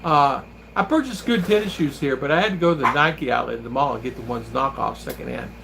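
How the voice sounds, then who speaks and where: A man's voice: medium pitch, fast talker, vocal fry, background noise. A man hosting a vlog, chatting casually and telling rambling stories while laughing often. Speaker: vlogger and host. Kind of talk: casual chat.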